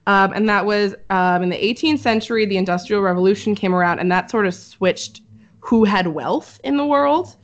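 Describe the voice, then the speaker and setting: A woman with a medium-pitched voice speaks at normal speed while hosting a casual podcast chat, presenting research by reading from notes and explaining what she read with frequent fillers. The audio is dull and lo-fi.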